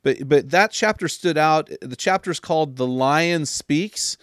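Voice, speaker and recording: A man's voice: fairly high pitch, measured pace, a bit bright, dry recording, clean studio sound. A man hosting an interview, asking enthusiastic questions and stumbling over a few words. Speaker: interview host.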